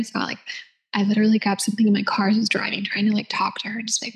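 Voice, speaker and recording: A woman's voice: mid-range voice, fairly even intonation, racing, vocal fry. A woman yoga instructor giving a casual, reflective self-help talk. She says "like" often, laughs easily and sometimes drops to a whisper.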